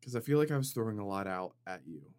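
A man's voice: lowish voice, lively intonation, quick pace, darkish tone, smooth, no echo. Rambling jokey man on a dry mic. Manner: rambling, self-interrupting, jokey and dramatic. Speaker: podcast host. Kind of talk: casual comedic monologue. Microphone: studio microphone with compressor.

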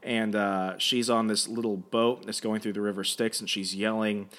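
A man's voice: on the low side, flat delivery, normal speed, fairly bright tone. A man podcaster casually recapping a comic, rambling and jokey, humming filler.

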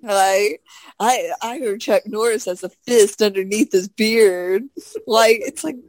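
A woman in casual chat, animated and full of laughter and filler words. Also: mid-range voice, takes it slowly, no echo. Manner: animated, laughs a lot, many filler likes. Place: home.

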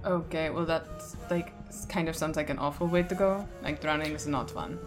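A woman's voice: low voice, moderate pace, music in the background. A woman playing a tabletop game, chatty and a little uncertain. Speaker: player. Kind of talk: casual tabletop game play.

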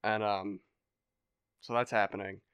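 A young man telling a story in a casual podcast chat, animated and swearing, acting out other people's voices. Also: fairly low pitch, a little slow, clear, resonant tone, no room sound. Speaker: podcast guest.

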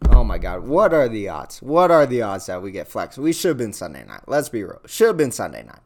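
A man's voice: on the low side, big pitch swings, brisk. A young man hosting an opinionated sports talk show, ranting emphatically and repeating lines for punch.

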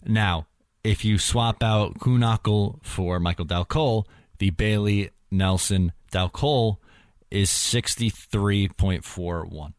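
Deep-voiced man leading a hockey chat. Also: takes it slowly, no room sound, clean studio sound. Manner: steers the talk, cites stats. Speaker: hockey podcast host. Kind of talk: casual sports chat.

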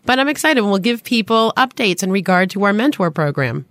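A woman's voice: mid-range voice, very animated, brisk, a bit bright, no echo. A woman with a Boston accent hosting a radio talk show, bubbly and enthusiastic, laughing often. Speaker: host. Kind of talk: casual radio show chat.

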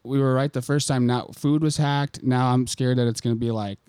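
A man's voice: medium pitch, fairly even intonation, brisk, darkish tone, clear, resonant tone, dry recording. A man co-hosting a casual podcast, rambling and swearing freely as he tells stories, on a close mic. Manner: profane, rambling storyteller. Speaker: podcast co-host.

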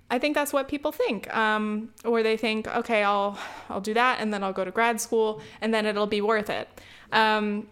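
This student vlogger, a young woman from the United States, speaks in a clean, mid-range voice with a bit of brightness. She rants casually to camera, chatty and full of fillers and restarts, and she swears.

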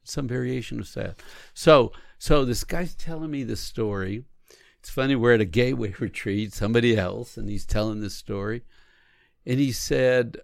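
A man with a gravelly, creaky voice teaches how to connect through emotions. He talks earnestly, explaining step by step and acting out sample lines. The sound is dry and close. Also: medium pitch, moderate pace, dry recording. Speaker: relationship coach. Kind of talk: teaching conversation.

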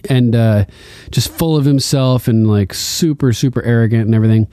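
A man's voice: brisk, mellow, clear, resonant tone, no echo, studio quality. A young man co-hosting a casual talk show, recapping an episode with rambling asides and frequent laughs. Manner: rambling, laughs often, acts out quotes in a higher voice. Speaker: podcast co-host.

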